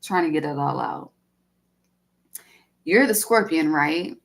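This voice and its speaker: A woman reads tarot cards in a loose, rambling way, cursing casually and talking straight to her listener. Her voice sits a little low for a woman. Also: lively intonation, slow pace, vocal fry. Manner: rambling, profane and chatty. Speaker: tarot reader.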